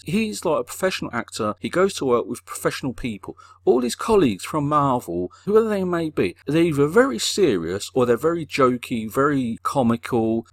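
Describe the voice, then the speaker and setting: A man's voice: mid-range voice, dry recording, clean studio sound. A man giving indignant, repetitive opinion commentary as a channel host.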